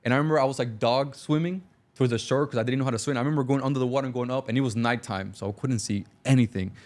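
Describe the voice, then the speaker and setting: Fast-talking man from Cuba. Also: medium pitch. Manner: fast, animated, acts out dialogue. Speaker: guest. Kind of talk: casual storytelling.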